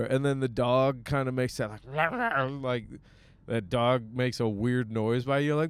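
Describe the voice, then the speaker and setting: A man rambling to his listeners from behind the wheel, with a smooth, resonant voice. He jokes at his own expense, swears freely and tosses in silly voiced asides. His pitch sits in the middle of the male range. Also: measured pace, no echo. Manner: jokey and self-mocking, with frequent swearing and silly voiced asides. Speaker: podcast host. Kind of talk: casual rambling monologue. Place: in a car while driving.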